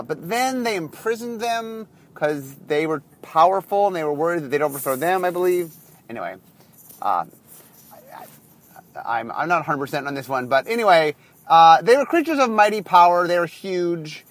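A man's voice: fairly high pitch, a bit bright. A man hosting a casual solo podcast while driving in his car, rambling with lots of fillers and restarts. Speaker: podcast host.

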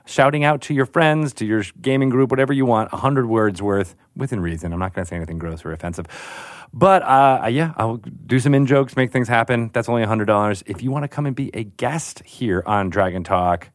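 A man co-hosting a casual podcast, playful and jokey, quick to laugh. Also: medium pitch, no echo, studio quality. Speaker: podcast co-host. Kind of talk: casual chat.

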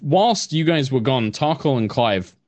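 A man runs a tabletop game in relaxed, meandering narration full of fillers. His voice sits in a middle pitch, and the sound is dry and close. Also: unhurried, dry recording. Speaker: game master.

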